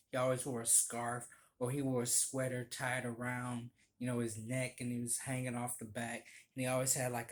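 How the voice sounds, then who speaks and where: A former barista telling a story in a chatty, gossipy way, laughing often and swearing casually. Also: mid-range voice.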